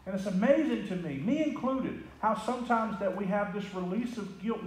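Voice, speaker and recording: A man preaching a sermon as pastor, swinging between hushed, intimate lines and loud, ringing calls. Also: sits high, animated, normal speed, few pauses, a little hiss or hum. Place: church sanctuary. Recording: echoey church hall with music behind. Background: music.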